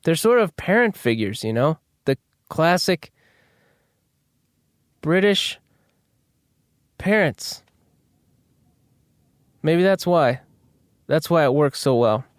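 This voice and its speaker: Smooth-voiced man rambling in a monologue. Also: fairly high pitch, very animated, takes it slowly, long pauses, no echo, clean studio sound. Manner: rambling, self-deprecating, swears freely. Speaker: host. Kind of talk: casual monologue.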